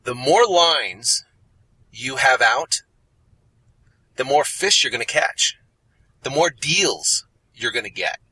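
A man's voice: medium pitch, expressive, slow pace, long pauses, bright, forceful tone, husky, rough recording. A man hosting a motivational podcast, talking emphatically and repeating phrases for effect. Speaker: podcast host.

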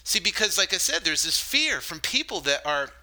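A man hosting a solo podcast, delivering an energetic, salesy pitch with frequent fillers. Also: moderate pace, poor audio. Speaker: podcast host.

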